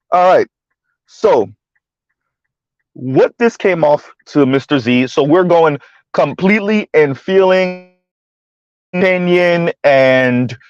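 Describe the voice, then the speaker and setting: A man's voice: medium pitch, darkish tone, no echo, muffled recording. Profane man ranting on a live stream. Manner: profane, mocking, laughs while ranting. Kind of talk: live stream commentary rant.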